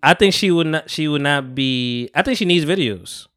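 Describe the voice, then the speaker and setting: A man co-hosting a podcast in casual chat, talking fast and animatedly, laughing and swearing as he argues his side. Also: fairly high pitch, lively intonation, fairly bright tone, dry recording, clean studio sound. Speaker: podcast co-host.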